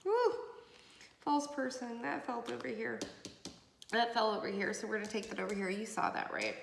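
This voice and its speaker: A woman talks her way through a tarot reading in a loose, rambling way, full of fillers. Her voice has a gravelly edge. The room sounds echoey, with a faint hiss underneath. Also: on the high side, expressive, normal speed, a bit bright. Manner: chatty, rambling, with many fillers. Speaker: tarot reader.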